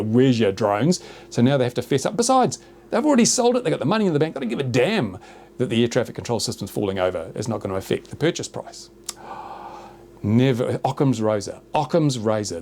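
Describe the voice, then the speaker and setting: A man's voice: medium pitch, a little mellow. Kiwi bloke ranting on his channel, sarcastic and over the top, voice jumps all over, bit of hiss. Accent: New Zealand. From New Zealand. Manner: sarcastic, exaggerated. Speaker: YouTuber host. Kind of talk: casual ranting chat. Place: small rural workshop studio.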